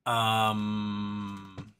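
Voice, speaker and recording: A man's voice: on the low side, completely flat delivery, extremely slow, pushed and bright, smooth. A man hosting a casual live stream, reading chat comments aloud and rambling between them, often talking to his cat. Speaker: livestream host reading chat.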